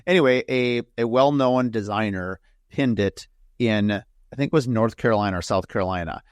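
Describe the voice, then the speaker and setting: Low-voiced rambling male podcast host. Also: moderate pace, dry recording, studio quality. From northern United States. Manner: rambling storyteller, frequent asides. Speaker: podcast host and home builder. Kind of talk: casual interview chat.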